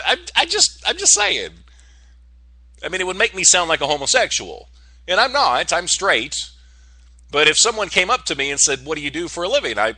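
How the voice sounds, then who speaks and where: A man's voice: mid-range voice, pushed and bright, dry recording. A man hosting his own online show, talking casually and joking his way through news stories with rambling asides. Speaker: podcast host. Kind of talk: casual comedic monologue.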